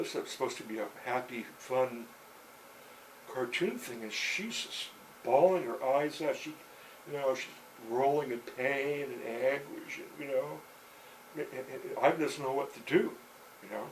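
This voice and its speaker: An older man spins a story aloud in a halting, rambling way, full of fillers and restarts. His voice sits in an ordinary middle pitch. A faint noise hangs under the recording. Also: low-quality recording.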